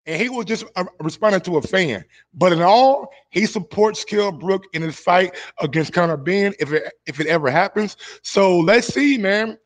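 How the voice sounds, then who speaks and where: A man's voice: high-pitched, lively intonation, normal speed, hardly any pauses. A young man hosting a casual sports commentary, talking in a chatty, laid-back way and often repeating himself.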